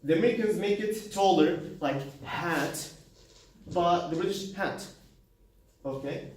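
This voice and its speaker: A man giving a university class presentation, halting, with many fillers, restarts and non-native grammar. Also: sits high, darkish tone, far from the mic. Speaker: student presenter. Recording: very echoey room, voice from afar, faint noise.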